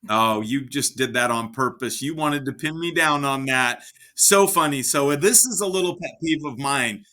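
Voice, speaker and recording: A man co-hosting a casual advice chat, talking in an upbeat, energetic way and giving lively examples. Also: mid-range voice, normal speed. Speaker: podcast co-host.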